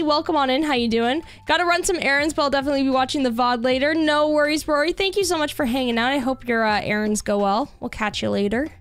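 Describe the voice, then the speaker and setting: Her voice is high and a bit bright as this young Canadian-accented streamer chats casually with viewers while gaming. She rambles with plenty of fillers, with faint music in the background.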